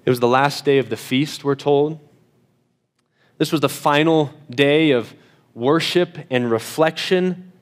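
A man preaching a sermon in an emphatic way, slowing down and dropping to a hush on key phrases, sometimes repeating words as he restarts. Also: fairly high pitch. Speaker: pastor.

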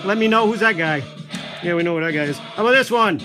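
A man chatting loudly and rambling to live-stream viewers as he shows off collectibles for sale. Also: high voice, fast talker. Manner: loud, rambling, talks to viewers while showing items. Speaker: livestream seller of collectibles. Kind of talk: casual live-stream chat. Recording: music playing behind. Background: background music.

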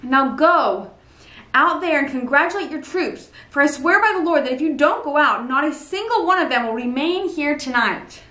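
A woman's voice: high voice, animated, moderate pace, bright, forceful tone. A woman reading as a blunt army general. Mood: stern. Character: commanding army general rebuking a grieving king. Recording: roomy echo, mic at a distance.

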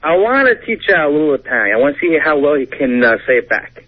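A man's voice: a little high, big pitch swings, fast talker, dry recording. A man calling a radio show, playfully setting up a prank. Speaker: caller. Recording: dull lo-fi call audio.

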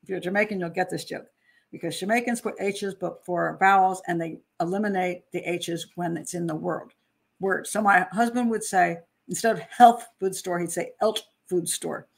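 A woman's voice: fairly low pitch, fairly even intonation, moderate pace, vocal fry. A woman in her sixties from New Jersey, a criminal profiler hosting her channel and talking casually about a case in a chatty, self-deprecating way. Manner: chatty, self-deprecating, with frequent laughs and restarts. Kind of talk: casual monologue on a true-crime case.

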